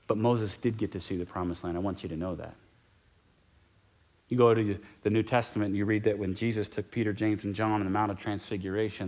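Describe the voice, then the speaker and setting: A middle-aged man preaches a sermon in a conversational way, his voice sitting low with a darkish tone. He repeats key phrases for emphasis and now and then drops to a near whisper.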